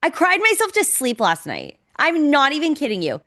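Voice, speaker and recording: Her high voice swoops wildly in pitch, sharp-toned and at moderate pace, as this young woman co-hosts a casual podcast. She chats in an emotional, dramatic way, cursing freely.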